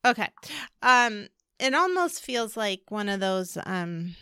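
A woman's voice: medium pitch, very animated, takes it slowly, sharp tone, smooth, no room sound, studio quality. A middle-aged woman co-hosting a podcast in casual chat, chatty and playful, laughing often. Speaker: podcast co-host and energy reader.

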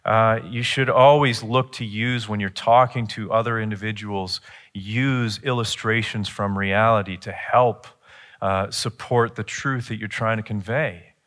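A man's voice: steady tone, a little slow, a bit bright. Earnest preacher man teaching a sermon. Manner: earnest teaching tone, rises in pitch and force when pressing a point.

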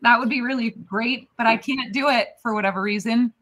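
A woman's voice: a little high, brisk, a bit bright. A woman guest who lives in Texas, chatting casually on a talk show, laughing often and poking fun at herself. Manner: laughing, chatty, self-deprecating. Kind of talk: casual chat.

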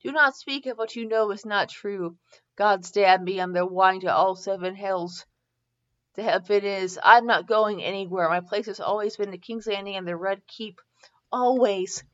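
A woman putting on a grieving young prince, man's lines read low and hushed, solemn and heavy. the sound is a little muffled, like a home mic. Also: moderate pace, lightly acted. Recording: slightly muffled home recording.

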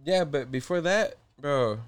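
A man's voice: fairly high pitch, lively intonation, measured pace, clean tone. A young man in a casual chat, talking in slang with lots of swearing and stammered restarts.

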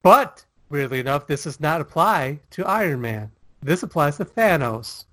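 A man's voice: fairly high pitch, animated, moderate pace, a bit bright, dry recording. A man co-hosting a casual chat, rambling with lots of fillers and laughing often. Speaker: podcast co-host.

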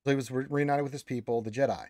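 A man's voice: medium pitch, steady tone, racing, darkish tone, no echo. Man, podcast host, casual fan chat, explains at length, dry close sound. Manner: explains at length, reads notes aloud, many restarts.

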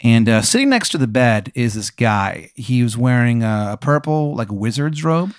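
A man improvising a comic hypothetical story, rambling and animated with lots of fillers. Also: medium pitch, normal speed, clear, resonant tone, no echo, clean studio sound. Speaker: podcast host narrating a hypothetical.

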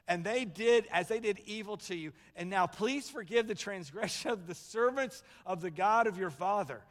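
Animated high-voiced male pastor. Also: normal speed. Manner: animated storytelling, acts out voices. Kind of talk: sermon. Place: church sanctuary. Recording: long hall reverb.

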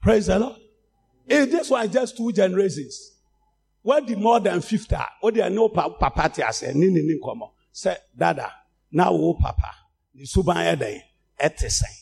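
A male preacher with a Ghanaian accent delivering a sermon, a Twi speaker who swings from calm talk to loud shouted exhortation. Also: high voice, moderate pace, vocal fry, slightly rough. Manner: switches between English and Twi, rising to shouts.

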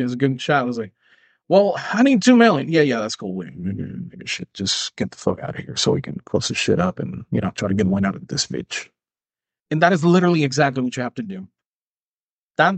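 A man in his thirties hosts a solo podcast in a loose, profane, rambling style, with a middle-pitched voice. The recording is close and dry, with no room sound. He keeps breaking into little acted-out scenes. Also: no echo. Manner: profane, rambling, acts out imagined dialogues. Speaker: podcast host. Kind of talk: casual solo commentary.

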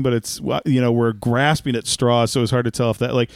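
A man's voice: medium pitch, fairly even intonation, brisk, vocal fry, no echo. A man co-hosting a podcast in casual chat, rambling and restarting as he tells a story. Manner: rambling, self-interrupting storyteller. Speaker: podcast co-host.

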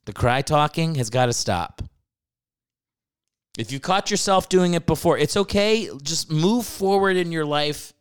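A man's voice: mid-range voice, smooth. A married man hosting a comedy podcast, ranting with joking asides and casual swearing. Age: adult, married. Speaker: podcast host.

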